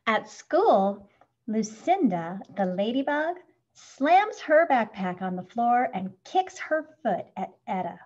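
A woman reading a children's picture book aloud in a slow, expressive storytelling manner. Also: on the high side, lo-fi sound. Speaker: reader.

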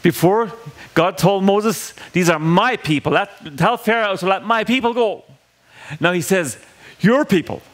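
Man preaching a lively conversational sermon. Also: sits high, a little slow. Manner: conversational, asks the audience questions, acts out quoted lines.

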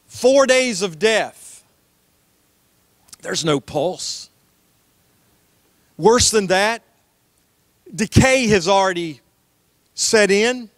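A man's voice: sits high, animated, slow pace, long pauses, fairly bright tone, no room sound, studio quality. A man preaching a sermon as pastor, telling stories in a folksy way and acting out the voices he quotes.

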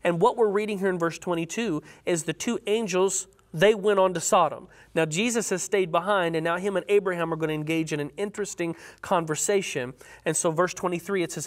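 A panelist on a Sabbath School Bible study panel, teaching in an earnest, halting way with many restarts, and reading scripture aloud with rising emphasis. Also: mid-range voice, fairly even intonation.

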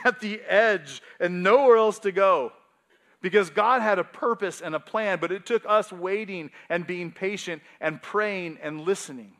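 A male pastor preaching a sermon in a conversational, animated way with casual asides. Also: fairly high pitch.

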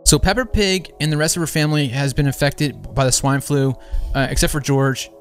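A man's voice: fairly high pitch, fairly even intonation, brisk, soft background music. Playful man gaming with a friend. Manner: joking, playful. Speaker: gaming channel host. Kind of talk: casual gameplay chat.

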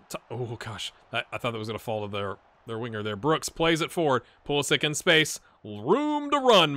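A man casually commentating his own football video game, excitable and wry, jumping from loud cheering to quiet muttering. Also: medium pitch, dry recording. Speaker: gaming channel host.

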